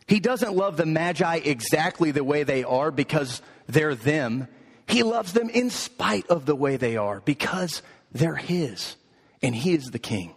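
A man's voice: on the high side, expressive, a little slow, husky. A man preaching a sermon as pastor, building emphatic, repeated lines in a rhythmic cadence. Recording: echoey hall.

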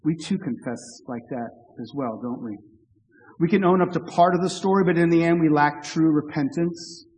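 A man's voice: on the high side, normal speed, darkish tone, long reverb tail, poor audio. A man preaching a sermon as pastor, earnest, with humorous asides and frequent restarts.

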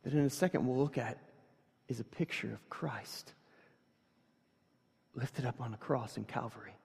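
A man preaching a sermon as pastor, shifting between quiet scripture reading and loud, emphatic passages, conversational with fillers and restarts. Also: medium pitch, normal speed, creaky, slightly rough. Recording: long hall reverb.

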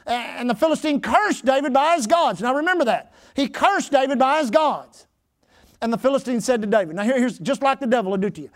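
Man, preacher, emphatic sermon, very high pitch, shouted exhortations. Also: expressive, fast. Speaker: pastor.

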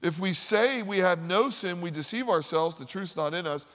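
Guy preaching a sermon, kinda high voice, big echoey church hall, goes loud then real soft. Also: expressive, moderate pace. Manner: storytelling preacher, dynamic swings from loud to hushed. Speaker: pastor. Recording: long hall reverb.

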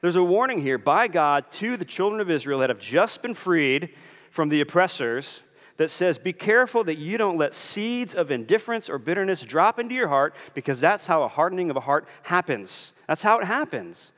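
Pastor, male, earnest sermon delivery with animated swings in pitch, recorded in a church with lingering reverb. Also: moderate pace. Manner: earnest preaching, acts out quoted voices.

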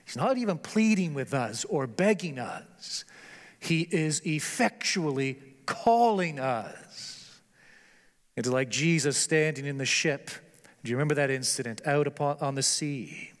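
A man preaching a sermon in a slightly higher voice, with a long hall reverb around him. His delivery surges into loud declarations and then sinks to quiet, low passages. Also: lively intonation, a little slow. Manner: dynamic preaching, rising to loud declarations and dropping to hushed low tones.

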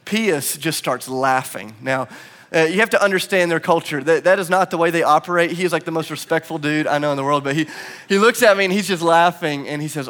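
A man's voice: on the high side, brisk, a bit bright. A male pastor preaching a sermon, telling a story with self-deprecating humor and building to emphatic repetition.

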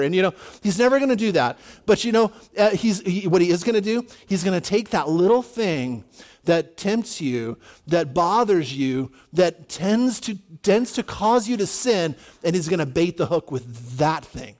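A man's voice: high-pitched, expressive, moderate pace, darkish tone. A pastor preaching a conversational sermon to his congregation, often saying "you know" and restarting his sentences. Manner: casual, repeats words and restarts, says "you know" often.

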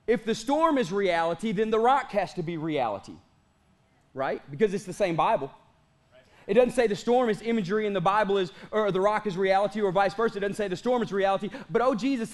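A pastor in his late thirties with a very high voice for a man delivers an energetic sermon. He slows right down to stretch out key phrases, then speeds up and jokes with his congregation. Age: late 30s. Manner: energetic preaching, slows for drawn-out emphatic lines, jokes with the congregation.

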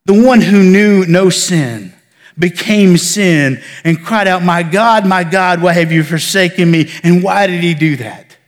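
A man pastor preaching a sermon, building emphasis and then falling to soft near-whispers. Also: high voice, measured pace, long reverb tail. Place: church sanctuary.

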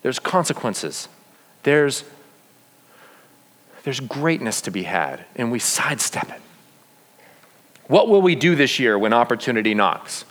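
Male pastor, lively swooping delivery, long reverb around him. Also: mid-range voice, measured pace, long pauses. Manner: animated, asks many rhetorical questions. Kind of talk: sermon. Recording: long reverb of a large hall.

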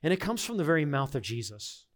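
A middle-aged man preaching a sermon as pastor, earnest and emphatic, swinging between hushed reflection and forceful insistence. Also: on the high side, very animated, quick pace.

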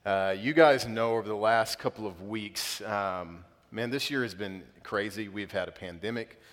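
A man, preaching a sermon and leading prayer, earnest and building to emphatic peaks with halting restarts. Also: fairly low pitch, fairly bright tone. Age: 30s. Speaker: pastor. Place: church auditorium. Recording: long hall reverb.

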